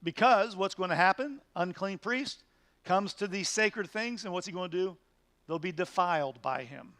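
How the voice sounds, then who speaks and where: A man leads a midweek Bible study as pastor, teaching in an earnest, emphatic way and pushing his points with rhetorical questions. His voice sits fairly high for a man. The sound is close and dry, with almost no room echo. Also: normal speed, a bit bright.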